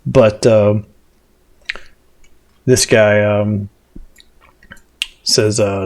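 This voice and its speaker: Guy gm narrating a tabletop game, rambly, lots of ums, medium pitch. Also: a little slow, slight background noise. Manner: rambling, many fillers and restarts. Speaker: game master.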